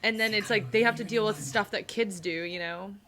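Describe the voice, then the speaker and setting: Hosting a laid-back reaction chat, this young woman speaks a bit fast in a sharp, mid-range voice. She's gushing and emotional, her sentences packed with fillers such as "um" and "like."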